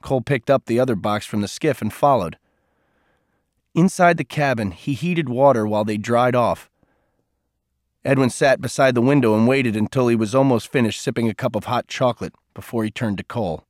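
A man reads an audiobook aloud, his mid-range voice carrying the story in a calm, measured way. There's no echo, and it has the polish of a studio recording.

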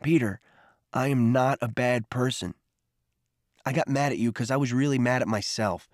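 A man's voice: mid-range voice, moderate pace, no echo, clean studio sound, lightly acted. A man voicing a remorseful teenage boy who speaks earnestly and from the heart. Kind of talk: audiobook character voice.

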